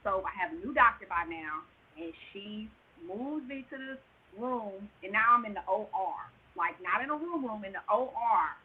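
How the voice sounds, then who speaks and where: A woman telling an emotional birth story as a podcast guest, animated and sometimes near-shouting. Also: mid-range voice, normal speed, breathy edge. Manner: animated, rises to near-shouts at tense moments. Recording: tinny phone line.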